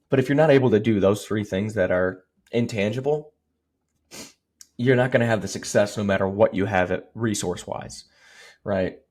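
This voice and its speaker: A man who coaches strength, chatting casually on a podcast. His voice sits low and slightly husky. He rambles and restarts, filling gaps with "like" and "you know". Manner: relaxed, rambling, heavy on "like".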